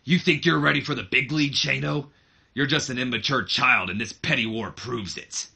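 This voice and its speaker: A man voicing an angry, scornful older owner of a wrestling company, shouting at his son. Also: medium pitch, moderate pace, gravelly, slightly rough, heavily acted. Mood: furious scornful.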